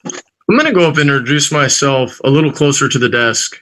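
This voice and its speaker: Brief: male player at a tabletop game, mid-pitched, hesitant and stammering. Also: expressive, brisk, pushed and bright, poor audio. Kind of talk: tabletop game play, speaking in character.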